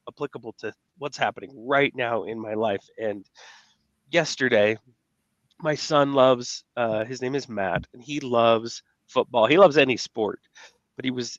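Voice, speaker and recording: A man's voice: mid-range voice, a bit bright, dry recording. Earnest man, dull dry lo-fi sound. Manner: earnest, emotional, halting with restarts. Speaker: podcast co-host. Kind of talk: conversational storytelling.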